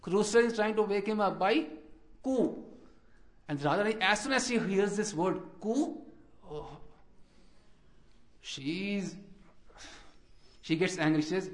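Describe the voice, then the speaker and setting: A man giving a devotional storytelling talk, animated and acting out birds and characters in quoted voices. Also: high-pitched, measured pace, pauses often. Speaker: religious speaker.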